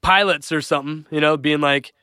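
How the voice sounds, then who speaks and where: A man's voice: on the high side, steady tone, fairly quick, bright, forceful tone, smooth, dry recording, clean studio sound. A young man in casual chat, jokey, chiming in with quips.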